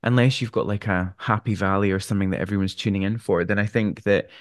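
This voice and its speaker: A man's voice: on the low side, fairly even intonation, fast talker, no room sound. Guy hosting, rambly questions, dry close sound. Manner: rambling, lots of restarts and fillers. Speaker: podcast host, vet. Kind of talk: casual interview chat.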